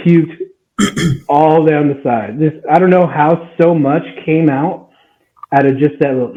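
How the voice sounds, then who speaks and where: A man in his twenties, a podcast guest, tells a story casually in a medium-pitched voice at a moderate pace. He's animated, laughing and acting out what people said, and the recording sounds tinny, like a phone.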